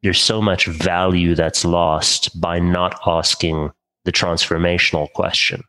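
Deep-voiced male podcast host. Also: little pitch movement, measured pace, bright, forceful tone, low-quality recording. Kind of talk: interview questions.

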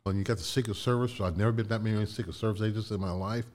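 An older man from Indiana, a guest in a casual interview, tells animated anecdotes with restarts and laughs. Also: fairly low pitch, rapid-fire. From Indiana, USA.

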